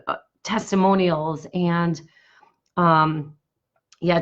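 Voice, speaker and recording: A woman coach with a hoarse, husky voice, talking enthusiastically to her live stream viewers and pitching her workshop with repeated phrases. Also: a bit bright, muffled recording. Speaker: business coach.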